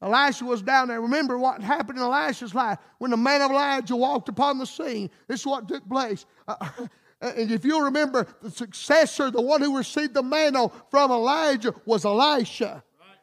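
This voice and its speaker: A man's voice: extremely high pitch, normal speed, a bit bright. A man preaching a fervent sermon with emphatic, rhythmic repetition.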